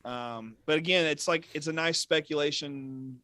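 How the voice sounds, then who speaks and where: A man from Texas as guest on a casual fan chat, talking in an animated, storytelling way. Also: a little high, moderate pace, dry recording. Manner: animated storyteller, does mock voices.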